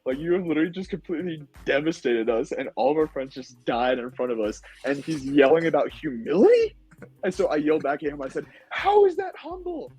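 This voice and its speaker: A young man talking as a podcast guest, telling his story in an animated, casual way, full of "like" and "dude". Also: fast, breathy edge, rough recording. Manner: animated storytelling, acts out quotes in high voices; says "like" and "dude" a lot. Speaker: podcast guest, former contestant.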